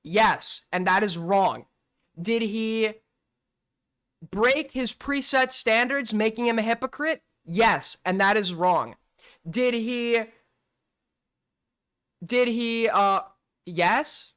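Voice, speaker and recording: A man's voice: sits high, slow pace, pauses often, fairly bright tone, smooth. A man hosting a livestream call-in show, talking bluntly and profanely and firing off rhetorical questions. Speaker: streamer host taking call-ins. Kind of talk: casual livestream commentary.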